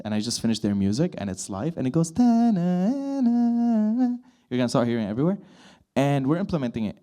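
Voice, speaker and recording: Man, thirty, slightly high voice, mellow dark tone, lively storyteller, voice-over artist on stage. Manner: animated storyteller, acts out dialogue. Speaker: voice-over artist and sound composer. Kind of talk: fireside chat on stage. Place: event hall with live audience.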